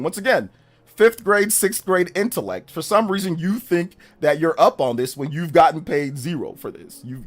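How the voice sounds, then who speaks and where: A middle-aged man streaming live, combatively mocking viewers in his chat and laughing them off. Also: on the high side.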